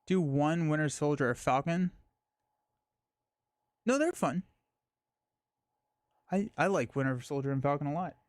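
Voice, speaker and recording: A man's voice: a little high, expressive, a little slow, pauses often, dry recording. A man hosting a live stream, chatting casually and thinking aloud, with frequent fillers and restarts.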